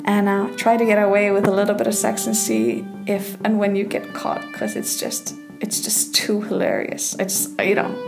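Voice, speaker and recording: A woman's voice: mid-range voice, animated, normal speed, few pauses, music in the background. A woman from Iceland, a sexologist chatting casually with laughs and fillers, recorded on a phone headset in her bathtub. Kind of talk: casual storytelling monologue.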